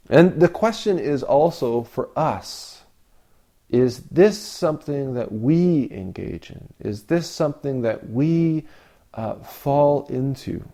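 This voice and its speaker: Zen teacher guy giving a dharma talk, super slow and thoughtful, lots of pauses and questions. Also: medium pitch, lively intonation, dark tone. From Canada. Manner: slow, reflective, with long pauses and rhetorical questions.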